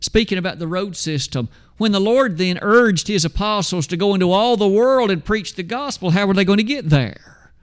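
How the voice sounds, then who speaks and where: Emphatic preacher, slightly high. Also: male voice, lively intonation, clean tone. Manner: emphatic, rhetorical questions, slows for scripture quotes. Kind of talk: sermon.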